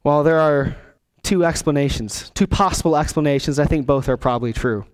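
A man preaching a sermon as a pastor, earnest, dropping quiet and low to stress key words. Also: a little fast. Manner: acts out quoted voices in the text.

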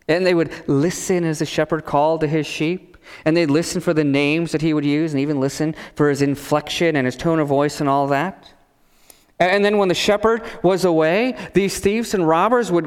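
A man pastor preaching a sermon as a storyteller, swinging from loud passages to hushed ones. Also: a little high, clear, resonant tone, long reverb tail.

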